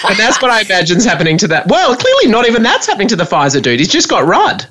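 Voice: medium pitch, huge pitch swings, fast, a bit bright. An Australian podcast co-host chatting casually, with playful, laughing asides. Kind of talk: casual chat.

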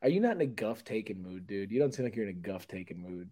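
A man co-hosting a podcast, telling stories in a joking, profane, animated way. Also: lowish voice, quick pace. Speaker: podcast co-host. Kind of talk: casual chat.

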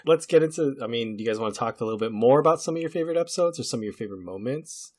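A man's voice: medium pitch, animated, racing, a crowd in the background. A man co-hosting a podcast, steering a casual chat in an easygoing, chatty way. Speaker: podcast co-host steering the discussion.

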